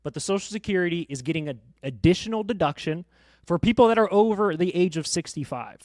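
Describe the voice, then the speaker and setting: A man's voice: high voice, expressive, fast talker, darkish tone, no echo. A man who works as a financial planner, confidently explaining tax deductions on a podcast. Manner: confident, explanatory, uses round numbers. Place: podcast studio.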